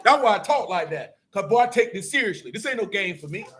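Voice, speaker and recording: A middle-aged man preaching a fiery sermon in street slang, scolding and sometimes shouting. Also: sits high, sing-song, fast.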